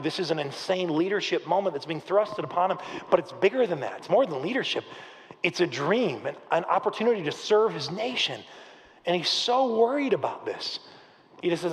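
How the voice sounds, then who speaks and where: High-voiced pastor in a reverberant church hall. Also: male voice. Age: 30s. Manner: lively storytelling, acts out quotes, jokes with the congregation. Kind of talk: sermon. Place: church auditorium, live service. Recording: long reverb of a large hall.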